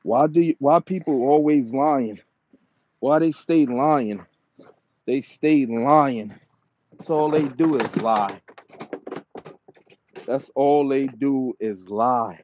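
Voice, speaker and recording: Slow, taunting man ranting at his critics. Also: medium pitch, a little mellow. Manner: repetitive, insulting, slow and taunting. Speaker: dog breeder and channel owner. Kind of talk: angry rant to camera. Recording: dull lo-fi sound with faint noise.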